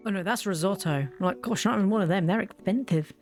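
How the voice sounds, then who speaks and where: A woman's voice: medium pitch, fast, darkish tone. Chatty young woman narrating gameplay. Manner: rambling, self-deprecating, chatty. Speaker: let's play host. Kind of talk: casual gameplay commentary. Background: faint game music.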